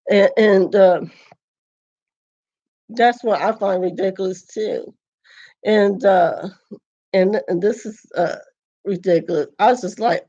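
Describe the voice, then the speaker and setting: A woman's voice: mid-range voice, dark tone. A woman from the United States in a rambling, indignant monologue rant, laughing between phrases and restarting and repeating her words. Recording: dull lo-fi recording.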